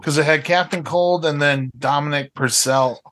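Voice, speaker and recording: A man with a slightly high voice on a casual podcast. He mostly chimes in with short quips and questions. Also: fairly even intonation, moderate pace, fairly bright tone.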